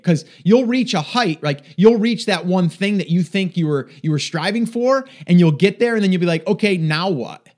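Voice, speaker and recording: A man hosting a podcast, introducing an episode in an energetic, rambling way, a little out of breath. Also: high-pitched. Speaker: podcast host.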